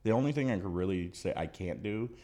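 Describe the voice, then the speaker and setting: A man from Louisiana co-hosting a podcast, chatting casually in a relaxed, rambling way and laughing often. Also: low voice, fast talker. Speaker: podcast co-host. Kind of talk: casual chat.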